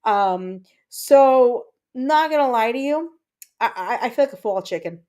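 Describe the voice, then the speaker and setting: A woman's voice: on the high side, lively intonation, measured pace, a little mellow. A woman in her thirties with a Puerto Rican accent, hosting a casual livestream and chatting with viewers, reading comments aloud and rambling with fillers. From Puerto Rico. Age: 30s. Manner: chatty, reads out chat comments, frequent fillers and repeats. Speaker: livestream host.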